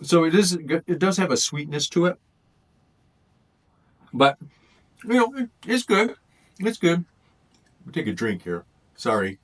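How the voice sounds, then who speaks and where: Casual male food vlogger, lively up-and-down delivery, loose and rambling. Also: fairly high pitch, measured pace, pauses often. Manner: rambling, thinks aloud between bites. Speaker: food reviewer. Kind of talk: casual taste-test vlog.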